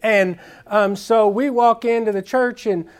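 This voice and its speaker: A man with a fairly high voice tells his faith story at a conference. He is candid and self-deprecating and often stops and restarts his sentences. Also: fairly even intonation, a little slow. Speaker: conference speaker. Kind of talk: personal testimony talk.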